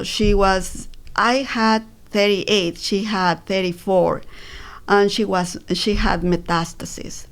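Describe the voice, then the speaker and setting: A woman, telling her personal story as an interview guest, halting with many fillers and restarts. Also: medium pitch, vocal fry, smooth. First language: Spanish.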